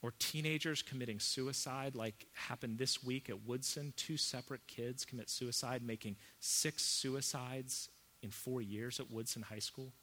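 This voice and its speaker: A man preaching a sermon as pastor, emphatic, swinging between hushed and loud. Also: mid-range voice, steady tone, measured pace.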